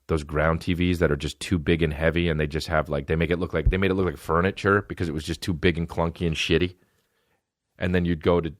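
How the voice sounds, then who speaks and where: This podcast host speaks in a low voice, captured at studio quality without echo. He rambles through profane childhood stories in a casual, comedic, animated monologue.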